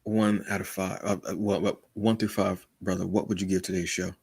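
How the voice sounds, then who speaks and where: A lower-voiced man co-hosting a casual podcast, full of jokes and banter. His voice is dry and close, with no room sound around it. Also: flat delivery, a little fast, creaky, a little mellow, husky, no room sound. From United States. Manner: playful and joking, calls his co-host "brother", turns earnest. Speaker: podcast co-host.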